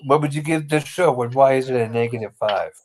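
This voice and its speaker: A man's voice: medium pitch, a little fast. A man co-hosting a casual wrestling recap podcast, blunt and opinionated, calling his partner bro. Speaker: podcast co-host.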